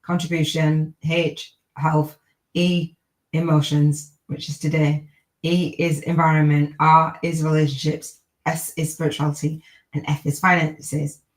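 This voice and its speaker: Deep-voiced and captured in a low-quality recording, this middle-aged podcast host rambles cheerfully on a live stream. She keeps repeating gratitude affirmations as she chats.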